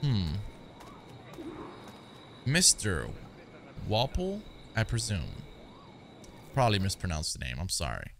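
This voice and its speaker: A man's voice: deep voice, huge pitch swings, measured pace, gravelly, long pauses, a bit bright, slight background noise. A man giving casual, chatty commentary over a game, often repeating his words as he goes. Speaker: gaming commentator. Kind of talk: casual let's-play commentary.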